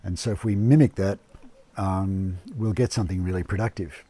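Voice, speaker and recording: A man who runs an eco lodge, talking casually in an interview, relaxed and unhurried with many fillers and restarts, speaking indoors at home. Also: deep voice. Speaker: eco lodge owner and permaculture gardener.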